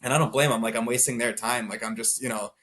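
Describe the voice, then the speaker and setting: A young man in his late twenties sits as a podcast guest and tells his story casually at a mid pitch. He rambles, fills his sentences with "like", and laughs briefly even at grim turns. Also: fast. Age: 20s. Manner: rambling, many filler "like"s, laughs through dark moments.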